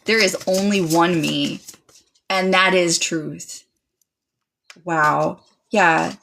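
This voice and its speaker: A woman's voice: lowish voice, fairly even intonation, drawn-out words, vocal fry, a bit bright, slight background noise. Woman gushing through a live tarot stream. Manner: dramatic, gushing thanks to viewers. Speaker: livestream tarot reader. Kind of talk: casual live tarot reading.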